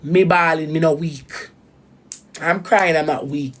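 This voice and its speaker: A woman's voice: sits low, steady tone, measured pace. A woman with a Jamaican accent, ranting heatedly to viewers about a betrayal, swearing in patois. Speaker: vlogger. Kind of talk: emotional personal rant to viewers.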